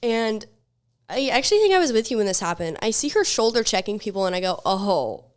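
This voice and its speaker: A woman's voice: on the high side, big pitch swings, quick pace, smooth. A young woman hosting a podcast in casual chat, blunt and swearing freely as she tells stories. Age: young adult. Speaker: podcast host.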